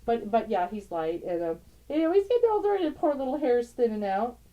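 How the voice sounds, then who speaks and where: A woman's voice: fairly high pitch, big pitch swings, moderate pace, highs cut off. A middle-aged woman talking casually on her vlog, rambling tenderly with frequent laughs and broken-off sentences. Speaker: tarot channel host. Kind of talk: casual emotional vlog, showing family photos.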